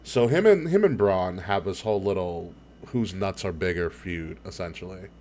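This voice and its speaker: A man co-hosting a podcast in casual chat, telling stories with excitement, swearing and laughing often. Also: deep voice, normal speed, slight background noise. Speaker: podcast co-host.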